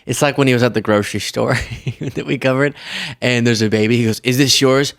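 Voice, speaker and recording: A man's voice: medium pitch, brisk, vocal fry, no room sound, studio quality. A man hosting a political commentary show, talking casually and sarcastically and often laughing.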